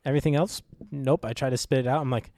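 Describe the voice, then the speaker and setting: A man's voice: mid-range voice, fairly even intonation, fast talker, warm tone. A man co-hosting a movie review podcast, chatting in an easygoing, self-deprecating way with frequent chuckles. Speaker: podcast co-host. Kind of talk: casual chat, movie review.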